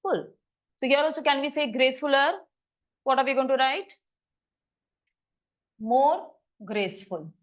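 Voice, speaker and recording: A woman teaching a grammar lesson in a classroom, brisk and coaxing as she quizzes students. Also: high-pitched, steady tone, muffled recording.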